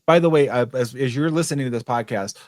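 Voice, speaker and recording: A male podcast host talks through a business interview in a loose, encouraging way, often doubling back mid-sentence. His voice sits at a middle pitch and sounds close and dry, with no room around it. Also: quick pace, no echo. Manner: affirming, rambling with restarts. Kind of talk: casual interview chat.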